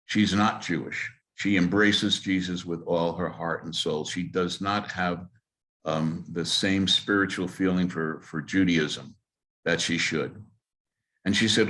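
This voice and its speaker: Deep-voiced rabbi telling a story. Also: male voice, slow, a bit bright. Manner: earnest, personal storytelling with emphatic repetition. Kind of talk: storytelling talk to a congregation.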